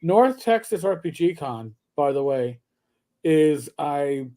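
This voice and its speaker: Man, high voice, casual livestream host, joking, reactive. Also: animated, slow pace, dark tone. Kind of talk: casual chat.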